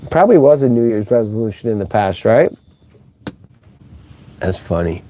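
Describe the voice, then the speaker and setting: A man's voice: fairly low pitch, animated, moderate pace, dark tone, slight background noise. A middle-aged man hosting a casual live stream, rambling and chatty as he reads out viewer comments.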